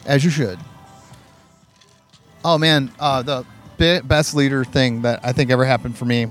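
A Navy veteran co-hosts a podcast as a casual chat at a hotel pool, telling rambling, profane service stories as an animated storyteller. His mid-range voice moves at normal speed over soft background music, streamed live on a phone or camera.

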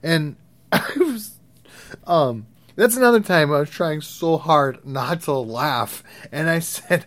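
A man's voice: fairly high pitch, animated, slow pace, a bit bright. A young man telling crude, rambling stories in a casual, profane way, laughing at his own tales. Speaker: vlogger. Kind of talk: profane storytelling rant.

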